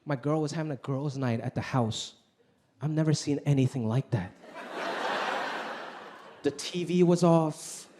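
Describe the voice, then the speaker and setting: Animated high-voiced male stand-up comic. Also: a little slow, pauses often. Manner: animated, punchy delivery with voice impressions. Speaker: stand-up comedian. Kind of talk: stand-up comedy set. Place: stage in front of a live audience. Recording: noisy live stand-up recording.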